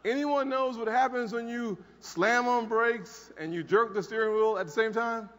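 A man in his forties delivers an emphatic conference speech from a podium microphone in a large hall, telling a personal story and repeating key lines. His voice is extremely high-pitched and a bit bright at a moderate pace, with slight background noise and dull audio under long hall reverb.

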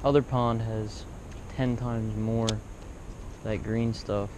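A man's voice: fairly low pitch, little pitch movement, slow, background noise. A man vlogging while fishing outdoors by a pond, chatting loosely to his viewers and to the animals around him. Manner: rambling, talks to viewers and animals. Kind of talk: casual outdoor vlog.

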